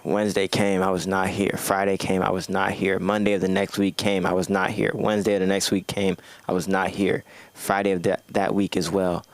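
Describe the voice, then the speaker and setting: A man does a stand-up set into a handheld mic on a comedy club stage. His voice sits fairly low, and his delivery is relaxed and full of slang. He builds his jokes by repeating the same line again and again. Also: a little fast, dry recording. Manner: laid-back, slangy, repetitive comic build-ups.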